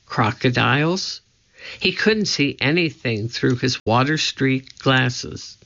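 An audiobook narrator giving a measured, deliberate storybook reading on a dull lo-fi recording. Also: medium pitch, animated, fairly bright tone.

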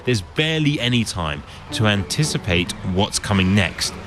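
A man narrating a science documentary in a measured, explanatory way. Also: lowish voice, sing-song, noisy background. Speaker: presenter.

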